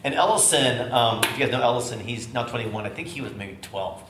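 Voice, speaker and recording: Man telling an animated story, echoey room. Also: mid-range voice, brisk. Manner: animated storyteller, acts out voices. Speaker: bishop. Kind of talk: storytelling sermon. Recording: echoey room with faint noise.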